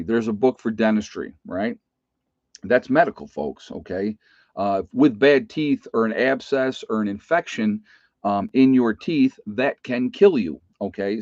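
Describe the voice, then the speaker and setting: A man's voice: mid-range voice, darkish tone, no echo. Emphatic middle-aged man, dry dull sound. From United States. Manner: emphatic, repeats "okay?" and "folks". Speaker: nurse giving preparedness advice. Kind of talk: casual chat to viewers.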